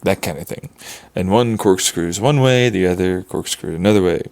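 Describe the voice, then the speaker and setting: A man's voice: deep voice, normal speed, vocal fry, a little mellow. A man streaming live, thinking aloud in a rambling, profane monologue and correcting himself as he goes.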